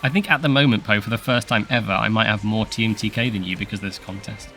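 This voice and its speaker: A man's voice: lowish voice, steady tone, fast talker, sharp tone, soft background music. A man hosting a casual video game park tour, chatty and playful, laughing often. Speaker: channel host.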